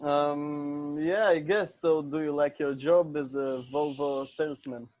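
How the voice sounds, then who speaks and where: A man's voice: on the high side, fairly even intonation, measured pace, darkish tone, muffled recording. A man from Israel with an Israeli accent, a native Hebrew speaker, chatting bluntly and crudely as a podcast guest. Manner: blunt, crude, laughs often. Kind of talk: casual podcast chat.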